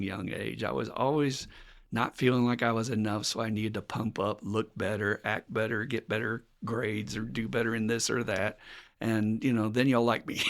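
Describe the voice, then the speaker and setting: A man's voice: medium pitch, vocal fry. A man from the United States hosting a podcast about recovery, speaking frankly and bluntly as a sponsor, swearing and laughing often. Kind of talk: candid podcast talk on recovery.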